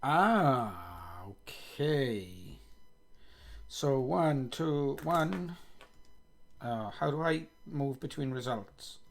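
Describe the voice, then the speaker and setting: A man's voice: mid-range voice, expressive, extremely slow, gravelly. A man streaming himself coding live, thinking aloud, reading code under his breath and poking fun at himself. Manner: muttering, self-mocking, reads code aloud.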